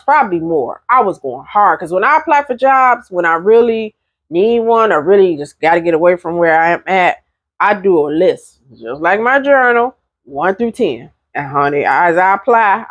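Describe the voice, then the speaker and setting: A middle-aged woman talking casually to her viewers, giving relationship advice in a chatty, animated way. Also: mid-range voice, no room sound, studio quality. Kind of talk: casual talk to camera.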